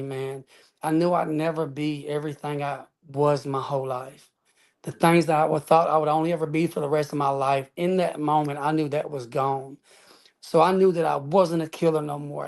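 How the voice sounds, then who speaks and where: A man's voice, pitched a touch above the usual for a man. He tells his own story in an interview with earnest emphasis, leaning on "man" and "y'all" as he goes. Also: gravelly. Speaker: interview guest. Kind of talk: personal testimony storytelling.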